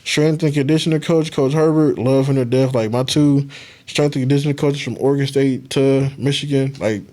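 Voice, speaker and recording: Relaxed male podcast guest, former football player, loose storytelling. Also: medium pitch, moderate pace. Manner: laid-back, swears casually, acts out quotes. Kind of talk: casual storytelling.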